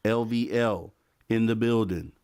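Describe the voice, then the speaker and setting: A man's voice: lowish voice, measured pace, vocal fry, a little mellow, slight background noise. A man hosting a late-night call-in talk show in a laid-back way, often repeating himself. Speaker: host.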